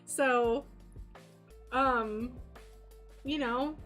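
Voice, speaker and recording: High-pitched, slow-talking chatty woman. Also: a bit bright, soft background music. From North Carolina, USA. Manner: chatty, rambling, giggly, self-conscious. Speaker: stained glass livestreamer. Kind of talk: casual chat while working.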